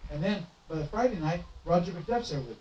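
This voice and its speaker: A middle-aged traveling minister with a slightly high voice and a fairly quick pace tells stories during a sermon in a church sanctuary, animatedly acting out the dialogue. The recording sounds roomy and distant, muffled with noise.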